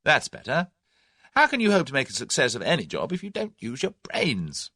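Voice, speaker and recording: A man's voice: mid-range voice, wildly swooping pitch, fairly quick, sharp tone, dry recording, clean studio sound, pitched above the performer's own voice, heavily acted. A man voicing a confident young Englishman who bluffs his captors with breezy scorn, in an audiobook.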